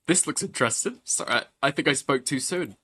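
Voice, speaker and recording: A man's voice: mid-range voice, a little fast. A man giving crude, profane, mocking reaction commentary, laughing often as he talks.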